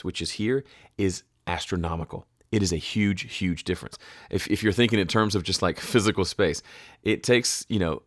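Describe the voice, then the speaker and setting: Male tutor, deep voice, dry close sound; chatty home-studio mixing walkthrough, self-correcting asides. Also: fairly bright tone, no echo. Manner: chatty, self-correcting, explains with sung hoots. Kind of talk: casual screen-share tutorial.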